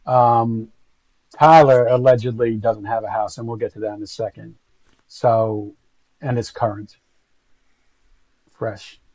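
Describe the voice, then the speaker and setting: A man's voice: lowish voice, fairly even intonation, unhurried, long pauses, a little mellow, dry recording, poor audio. A man giving casual, rambling, gossipy commentary to his stream viewers. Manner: rambling, gossipy, full of fillers.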